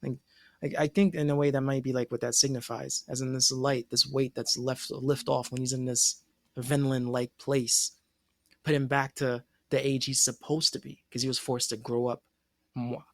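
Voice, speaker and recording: A man's voice: medium pitch, level tone, normal speed, gravelly, no room sound, clean studio sound. A man co-hosting an anime discussion podcast, musing hesitantly and restarting his thoughts in casual chat.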